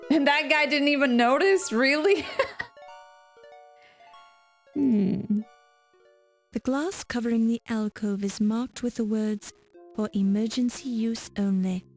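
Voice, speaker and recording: A woman streaming a game, chatting and reading its text aloud with stumbles and restarts. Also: fairly high pitch. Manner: unhurried, reads with stumbles and restarts. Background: faint game music.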